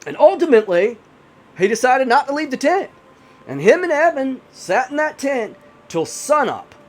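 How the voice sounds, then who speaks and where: A man's voice: very high voice, very animated, normal speed. A man telling a horror story in a casual, rambling way, full of "you know" fillers. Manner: rambling, many 'you know' fillers.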